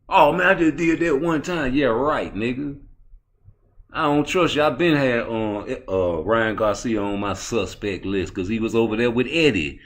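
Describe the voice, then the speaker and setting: Profane animated man ranting about boxing. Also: mid-range voice. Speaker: boxing commentary vlogger. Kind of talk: casual ranting commentary.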